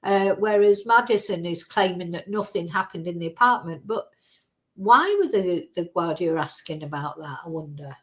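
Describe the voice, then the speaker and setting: A woman's voice: fairly low pitch, normal speed, fairly bright tone. A woman hosting a true crime livestream, talking in a chatty, rambling way with lots of fillers. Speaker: true crime channel host. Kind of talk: casual livestream commentary.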